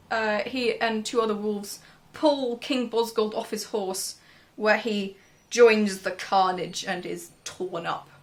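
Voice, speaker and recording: A woman with a somewhat high voice chats through a book's plot in a relaxed review. She drops dry, sarcastic asides as she goes. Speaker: book reviewer. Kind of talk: casual book review chat.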